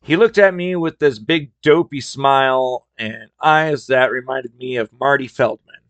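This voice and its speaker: A man's voice: medium pitch, unhurried, a bit bright, dry recording. A man hosting a podcast, telling work stories in a casual, wry, conversational way. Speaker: podcast host. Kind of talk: casual storytelling.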